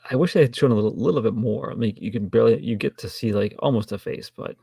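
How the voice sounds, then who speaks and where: A man co-hosting a film review podcast in casual chat, low-key with dry, wry remarks. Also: fast, creaky, dark tone, husky, dry recording. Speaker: podcast co-host reviewing films.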